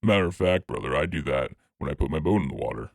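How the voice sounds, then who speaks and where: Man impersonating a very deep, gravelly old wrestler, bragging, dry close sound. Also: expressive, no room sound, heavily acted. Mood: boastful. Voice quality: gravelly, growling. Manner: boastful, drawn-out "brother". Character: gravelly old male wrestling legend, boastful.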